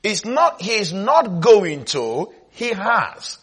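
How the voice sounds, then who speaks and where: A man's voice: high-pitched, big pitch swings, slow pace, hardly any pauses, a bit bright, breathy edge. A male preacher giving a sermon, emphatic, repeating key words and often asking whether listeners are following.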